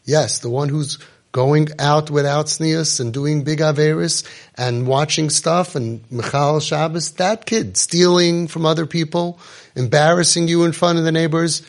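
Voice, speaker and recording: A man's voice: a little high, steady tone, unhurried. A man speaking with fervor to a roomful of parents, urging and scolding in a preachy, emphatic way and sprinkling in Hebrew and Yiddish terms. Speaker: parenting coach and podcast host. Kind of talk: impassioned talk to a live group.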